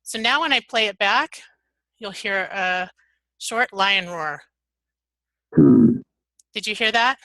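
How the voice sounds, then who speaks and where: Woman presenter, bright tone, dry room, upbeat instructional delivery. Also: on the high side, moderate pace, no room sound, rough recording. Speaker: webinar presenter. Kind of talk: software tutorial webinar.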